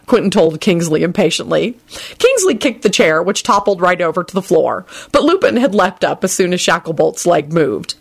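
A woman reading a fan story aloud, her lower-pitched voice moving expressively through the sentences. The telling is brisk and animated. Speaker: reader.

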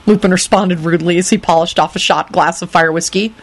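A woman reading a story aloud in an animated storytelling manner. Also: on the low side, brisk. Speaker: reader. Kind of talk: reading fan fiction aloud.

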